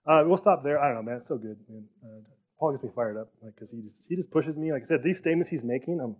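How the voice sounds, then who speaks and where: A man preaching a sermon as pastor in a casual, animated way, sometimes acting out what others might say. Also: mid-range voice, quick pace. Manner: animated, conversational, acts out quoted speech. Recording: dull lo-fi recording.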